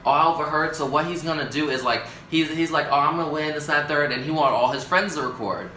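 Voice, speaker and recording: Young man, storytime vlog, animated and dramatic, bright fairly high voice, echoey room. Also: quick pace, slight background noise. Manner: animated, dramatic retelling with voiced quotes and swings in pitch. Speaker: vlogger.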